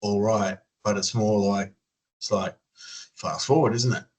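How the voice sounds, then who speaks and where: A man's voice: on the low side, steady tone, unhurried, a little mellow, rough recording. A man from Australia with an Australian accent, chatting loosely in an interview, full of fillers and restarts. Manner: rambling, many fillers and restarts. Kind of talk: casual interview chat. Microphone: video call.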